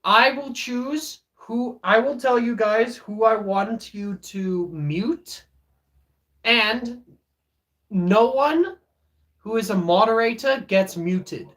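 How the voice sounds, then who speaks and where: A man's voice: high-pitched, slow pace, a bit bright. A man, streaming live in casual chat, joking and teasing viewers as he reads their messages aloud. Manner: many fillers and restarts.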